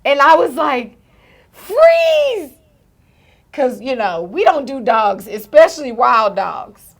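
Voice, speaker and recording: Woman, 30s, podcast co-host, high voice, animated storyteller, dramatizes every beat. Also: unhurried, vocal fry. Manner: animated, acts out shouts and gasps in her story. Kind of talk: casual storytelling.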